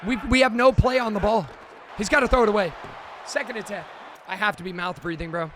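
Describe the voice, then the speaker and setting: High-pitched guy doing hyped gameplay commentary, yelling at big plays, loud game crowd noise behind. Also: fast. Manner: excitable, shouts and exclaims at big plays. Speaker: gaming streamer.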